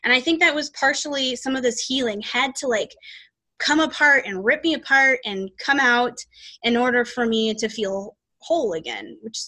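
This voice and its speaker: This podcast host, also a psychic reader, rambles casually about her life and readings with frequent restarts. She speaks at a moderate pace in a slightly high voice that sounds pushed and bright.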